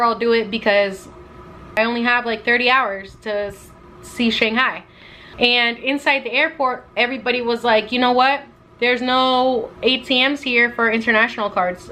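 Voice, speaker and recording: A woman's voice: fairly high pitch, a little hiss or hum. A young woman vlogger telling a travel story casually, acting out quotes and saying "like" a lot. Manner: animated, acts out quotes with lots of "like".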